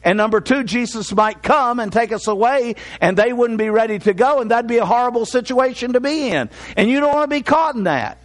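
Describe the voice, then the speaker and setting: Older man preaching, high voice. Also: fairly quick, hardly any pauses. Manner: preaching with folksy storytelling asides. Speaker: pastor. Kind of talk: sermon.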